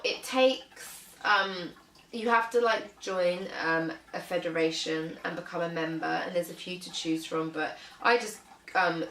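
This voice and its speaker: Chatty British woman, low voice. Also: a bit bright, roomy sound, recorded from a distance, a little hiss or hum, low-quality recording. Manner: chatty, lots of "um" and "like". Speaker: fitness vlogger. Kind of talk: casual vlog talk.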